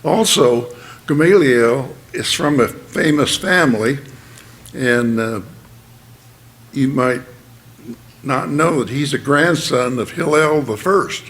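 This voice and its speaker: A man preaching at an unhurried pace, pausing often and restarting his sentences as he explains. His pitch sits in an ordinary middle range for a man. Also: expressive, fairly bright tone. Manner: slow, halting, with many fillers and restarts; explanatory, plain teaching tone. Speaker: church speaker. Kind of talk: sermon.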